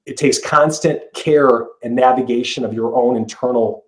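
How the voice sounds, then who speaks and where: Middle-aged male life coach, podcast guest, earnest and emphatic, average pitch. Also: normal speed, poor audio. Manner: earnest, emphatic, with many restarts. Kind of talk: podcast interview.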